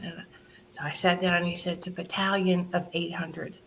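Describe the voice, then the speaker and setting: A woman in an interview telling her charity's story in an animated way, laughing often and quoting what others said. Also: fairly low pitch, normal speed, creaky, slight background noise. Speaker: charity founder guest.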